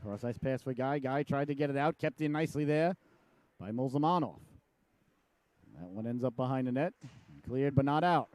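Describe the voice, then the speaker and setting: A man's voice: medium pitch, normal speed, darkish tone, no room sound. A middle-aged man calling live hockey play-by-play, chatty and jokey, drifting into personal stories, his voice jumping up on shots and saves. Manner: voice jumps up sharply on shots and saves.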